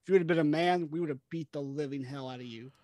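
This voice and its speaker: Blunt, rather high-voiced man. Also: fast, a little mellow, dry recording. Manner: blunt, profane, rambling. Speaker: podcast co-host, wrestler. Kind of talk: casual chat.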